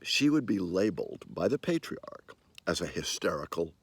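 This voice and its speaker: An older man talks through an opinion piece in a low voice that swings widely in pitch. He is animated and emphatic, jumping from quiet remarks to loud, high bursts. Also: normal speed, husky, no echo. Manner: animated and emphatic, with sudden rises in pitch and loudness. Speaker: commentator. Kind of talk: spoken opinion monologue.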